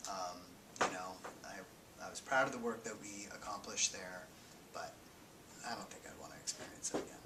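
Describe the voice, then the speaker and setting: A man speaking to a class as a guest, casually recounting his time as a journalist, halting with fillers and sinking to a near-whisper on grim parts. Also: low voice. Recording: distant mic with noisy background.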